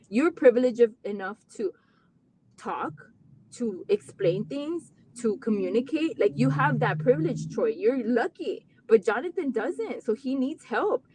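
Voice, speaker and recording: A woman's voice: on the high side, slightly rough. A woman, a mother, telling her family's story in an earnest, heartfelt way, with long run-on sentences and many "like" fillers. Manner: animated when retelling conversations. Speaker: parent guest. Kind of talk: candid personal storytelling in a live interview.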